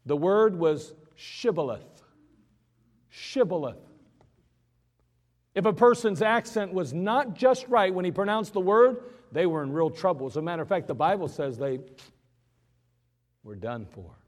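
A man's voice: sits high, lively intonation, moderate pace. A man preaching a sermon, who acts out scenes in dramatic voices. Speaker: pastor. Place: church sanctuary. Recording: long church reverb.

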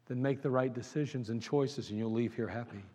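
In a large church hall, a man preaches a sermon in a mid-range voice at a fairly quick pace. He fires question after question at the crowd, swinging between loud pleading and hushed tones.

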